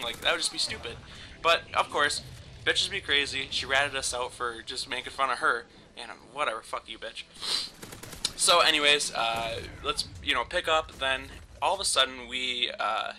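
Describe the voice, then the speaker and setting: A man's voice: mid-range voice, bright, forceful tone, slight background noise. A young man casually telling a story over gameplay, rambling and swearing often with frequent laughs. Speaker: gaming commentator.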